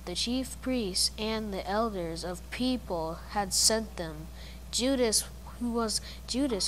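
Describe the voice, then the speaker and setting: A woman's voice: mid-range voice, a little hiss or hum, low-quality recording. A woman reading a scripture passage aloud carefully, sometimes restarting a phrase. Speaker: scripture reader.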